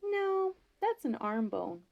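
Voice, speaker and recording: A woman voicing a fearless young country woman, brisk and matter-of-fact. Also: high voice, very animated, creaky, highs cut off, voice pushed up, heavily acted.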